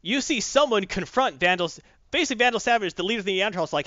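Male podcast host, high lively voice, dry dull lo-fi sound. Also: racing, no echo. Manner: animated, acts out characters in silly voices. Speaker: podcast host recapping a comic. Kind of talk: casual chat.

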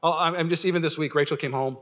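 A man's voice: a little high, fairly even intonation, fast talker, a bit bright. A young adult male pastor preaching a casual, joking sermon, full of fillers and restarts.

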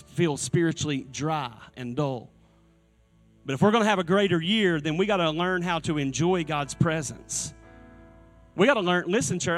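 Earnest preaching man, fairly high voice. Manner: earnest preaching, repeating key phrases. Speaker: pastor. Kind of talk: sermon. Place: church sanctuary.

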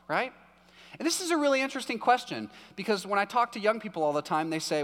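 A man's voice: high-pitched, big pitch swings, fast talker, a bit bright. A man preaching a sermon in a casual, conversational way with joking asides, recorded live in a church hall. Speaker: pastor.

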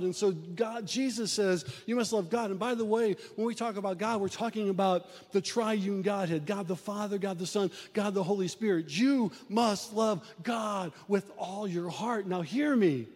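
A man's voice: on the high side, a little mellow, big-room sound. A middle-aged male pastor preaching a sermon, with emphatic rises and sudden drops in his delivery.

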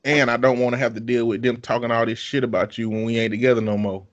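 A man's voice: mid-range voice, level tone, quick pace. A man in casual conversation, giving blunt, profane advice. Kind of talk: casual chat. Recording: dull lo-fi sound.

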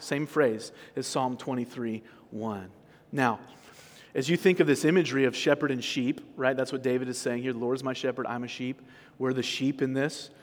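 A man preaching a sermon as pastor, talking conversationally with rhetorical questions and quick restarts. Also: fairly high pitch. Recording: sermon recorded in a large reverberant hall.

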